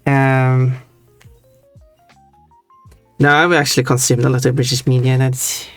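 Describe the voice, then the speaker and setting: A man's voice: medium pitch, little pitch movement, dry recording, soft background music. A man from Sweden with a Swedish accent, chatting playfully on a stream. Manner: playful, drawn-out, laughs between words. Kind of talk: casual stream chat.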